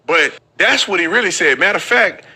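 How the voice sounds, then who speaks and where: A man's voice: sits high, expressive, fairly quick, pushed and bright, breathy edge. A man hosting a casual commentary show, often repeating words as he starts sentences. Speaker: host.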